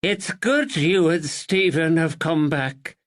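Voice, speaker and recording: A man's voice: on the high side, lively intonation, takes it slowly, pitched above the performer's own voice. A man voicing an eager, childlike young man with a strange, muffled voice.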